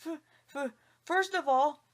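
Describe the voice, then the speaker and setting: A woman voicing a poor, clever young man who tricks a farmer with polite, calm words in a storybook reading. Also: high voice, takes it slowly. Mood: sly polite.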